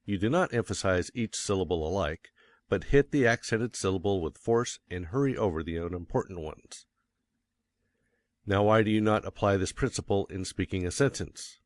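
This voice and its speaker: Man, audiobook narration, very low voice, measured reading, stresses key words, dry close sound. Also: animated, no echo. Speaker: audiobook reader. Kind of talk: scripted narration.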